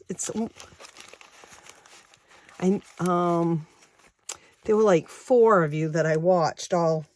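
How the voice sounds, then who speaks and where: A woman in her sixties with a lowish voice chats at an unhurried, slow pace. She talks straight to her viewers as "you guys" and counts money out loud in a casual, homey way. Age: 60s. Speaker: savings challenge vlogger.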